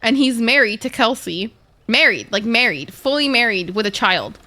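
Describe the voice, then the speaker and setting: A woman's voice: fairly high pitch, lively intonation, moderate pace, pushed and bright. A woman streamer chatting casually and swearing a lot while playing a game and talking to her chat. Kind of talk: casual gaming livestream chat.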